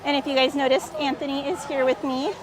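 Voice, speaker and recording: Outdoors in a busy theme park, a woman hosts a casual live stream on a handheld phone, chatting upbeat with viewers and reading out their comments. Her voice is high, level in tone and fairly quick, slightly hoarse, and cuts in and out. Loud crowd and outdoor noise fill the background.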